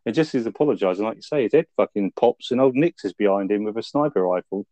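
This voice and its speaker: For a review podcast, a man retells film scenes in relaxed, casual chat, swearing freely and laughing as he goes. He talks fast in a mellow voice on the low side, with lively intonation. The recording is dry.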